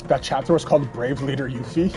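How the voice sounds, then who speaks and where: A man giving rambling, casual commentary while playing a video game and chatting with viewers. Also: medium pitch. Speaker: let's play streamer.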